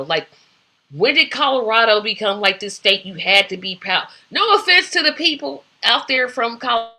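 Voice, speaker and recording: Bright-voiced woman ranting casually. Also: on the high side, lively intonation, normal speed. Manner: opinionated, rambling, lots of fillers. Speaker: host. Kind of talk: casual solo talk show.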